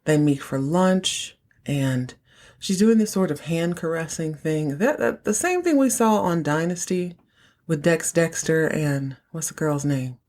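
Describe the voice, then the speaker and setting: A woman hosts a casual recap podcast, her voice sitting a little low. She talks in a chatty way and drops playful asides into the story. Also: expressive, a little slow, a little mellow. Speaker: podcast host.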